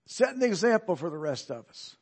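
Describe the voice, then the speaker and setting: A man's voice: high voice, very animated, a little fast, darkish tone. A man preaching a sermon in a conversational, emphatic way, asking his listeners rhetorical questions.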